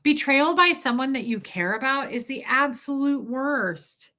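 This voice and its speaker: A woman with a bright, forward voice pitched a little high. She chats candidly on a livestream, laughing easily and swearing without hesitation while she responds to viewers. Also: a little slow. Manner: candid and emotional, laughing often, frank with swearing. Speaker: livestream host. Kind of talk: casual livestream chat reading comments.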